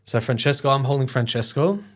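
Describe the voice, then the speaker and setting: A man's voice: mid-range voice, lively intonation, fairly quick. A middle-aged man, telling a personal story in an interview. He talks in a loose, conversational way with many fillers and sometimes gets choked up. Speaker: guest, foundation founder.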